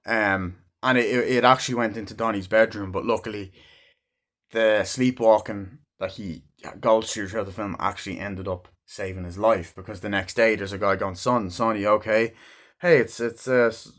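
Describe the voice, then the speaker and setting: A man with a fairly low voice talks through a film in a casual review. He retells scenes loosely, swears freely and leans on "like" and "um" as he goes. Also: steady tone, normal speed, fairly bright tone. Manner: rambling and heavily profane.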